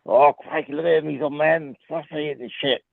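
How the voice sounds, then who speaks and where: A man doing a put-on Australian accent as an excitable wildlife showman, giving crude, profane commentary over a tinny phone-like line. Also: on the high side, moderate pace, vocal fry, no echo. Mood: excited.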